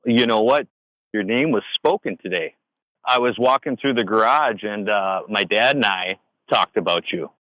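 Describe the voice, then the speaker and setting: A man's voice: fairly low pitch, normal speed, pushed and bright, no room sound, low-quality recording. A man chatting casually and easygoing with a friend who phoned him. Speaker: friend taking a phone call.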